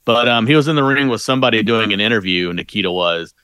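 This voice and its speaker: A man's voice: lowish voice, animated, fast, sharp tone, smooth, no echo, studio quality. A man co-hosting a podcast in casual chat, rambling with lots of restarts and fillers. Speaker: podcast co-host.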